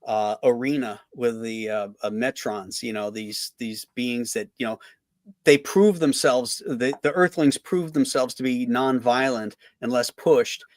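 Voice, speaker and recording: Podcast host, mid-pitched man, halting delivery, dry sound. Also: dry recording. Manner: rambling, halting with many fillers. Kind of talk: casual podcast chat.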